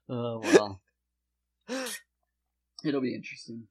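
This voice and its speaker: A man's voice: mid-range voice, husky. Sarcastic, profane male co-host in casual chat.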